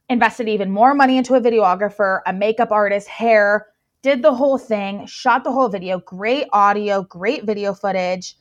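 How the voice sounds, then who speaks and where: In a casual interview, a young woman who works as a plus-size model tells her story, gushing excitably and using lots of filler words. Her voice is medium in pitch, and the recording sounds muffled.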